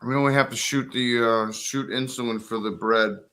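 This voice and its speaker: A man's voice: medium pitch, steady tone, normal speed, bright, forceful tone. A man in casual group chat on a live stream, talking in a laid-back way.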